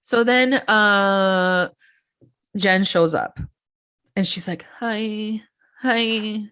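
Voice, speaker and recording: A woman's voice: medium pitch, extremely slow, fairly bright tone, clean tone. A woman co-hosting a podcast, chatting casually through a reality-TV recap, acting out quotes and saying "like" a lot. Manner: chatty, acts out quotes, many "like"s, laughs often. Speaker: podcast co-host. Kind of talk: casual pop-culture recap chat.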